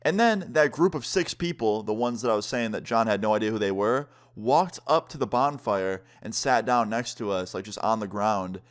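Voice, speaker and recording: A man's voice: on the low side, normal speed, few pauses. A young man telling a casual storytime as a vlogger, chatty, full of fillers, acting out what others said. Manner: acts out quotes of others.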